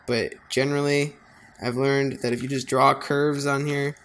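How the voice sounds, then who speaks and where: A man's voice: mid-range voice, level tone, a bit bright, slight background noise. Man thinking aloud while designing. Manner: thinking aloud, self-deprecating, unhurried. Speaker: designer narrating his work. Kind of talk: casual screen-recording commentary.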